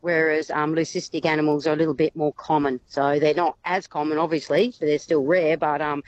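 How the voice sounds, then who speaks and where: A woman's voice: deep voice, little pitch movement, a little fast, slight background noise. Chatty woman on a dull line. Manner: chatty, hesitant with many ums, laughs often. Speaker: wildlife carer, radio guest. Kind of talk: casual radio chat.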